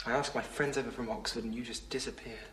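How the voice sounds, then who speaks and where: An actor playing a spoiled, petulant young aristocrat with a bored, cutting way of talking. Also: male voice, mid-range voice, fairly even intonation, fast talker, pushed and bright, natural voice.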